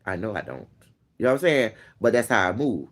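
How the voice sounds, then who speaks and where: A man hosting a vlog, casually telling a story to a friend in a profane, animated way and acting out what people said. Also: lowish voice, fast. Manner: animated, profane, acts out quoted dialogue. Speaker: vlog host.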